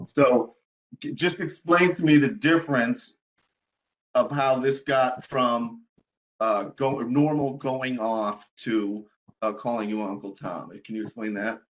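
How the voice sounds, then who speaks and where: Lawyer type, male, measured and hedging, slightly muffled lo-fi recording. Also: medium pitch, steady tone. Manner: careful, hedging, restates and rephrases. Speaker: attorney cross-examining a witness. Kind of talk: legal questioning.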